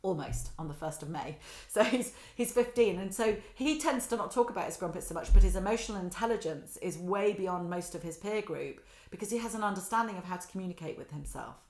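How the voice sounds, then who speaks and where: A woman, a guest telling animated stories in a casual podcast chat. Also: lowish voice, fairly quick, few pauses. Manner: animated storytelling, quotes others in lively voices. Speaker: guest, children's author. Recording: roomy echo.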